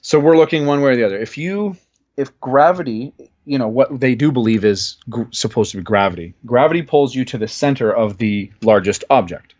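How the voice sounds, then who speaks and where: A man's voice: medium pitch, lively intonation, fairly quick, a little mellow, muffled recording. A man from Ontario, Canada, a podcast guest in casual conversation, earnest and thoughtful, often searching for words.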